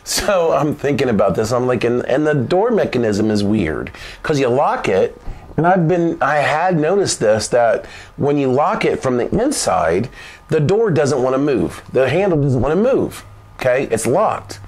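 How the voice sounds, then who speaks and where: A man hosting his own show, telling a funny story in an animated, loose way, laughing often and swearing casually. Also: mid-range voice, normal speed. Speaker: vlog host. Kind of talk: comic storytelling.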